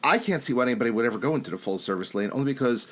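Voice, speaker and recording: A man's voice: mid-range voice, animated, rapid-fire. A man co-hosting a podcast, chatting casually with lots of fillers. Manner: rambly, filler-heavy. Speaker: podcast co-host. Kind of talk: casual comedic chat.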